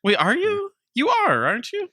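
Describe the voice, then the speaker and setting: Male host, casual chat, animated and crisp, dry close sound. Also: very high-pitched, moderate pace, dry recording. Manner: lively, questioning the audience. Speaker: podcast host.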